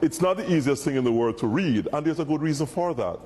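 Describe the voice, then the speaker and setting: A man's voice: on the high side, animated, quick pace, mellow. Jamaican reverend, man, earnest explanatory interview voice, light ambient noise. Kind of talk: interview and scripture reading.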